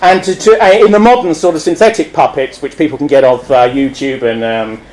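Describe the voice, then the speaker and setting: A man's voice: on the high side, a little fast, darkish tone, poor audio. A man giving a wry, digressive lecture, laughing often. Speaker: speaker.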